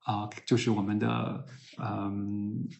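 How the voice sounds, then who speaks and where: A man hosting a talk in a lively, casual way who laughs often and switches between two languages. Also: on the low side, slow, vocal fry, reverberant. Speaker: host.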